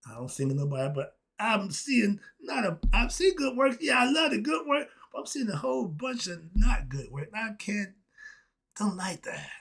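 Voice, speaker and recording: A man's voice: sits high, sing-song, normal speed, few pauses, a bit bright, breathy edge. A man talking as a self-styled philosophy teacher in an impassioned solo talk, rambling and blunt with frequent cursing.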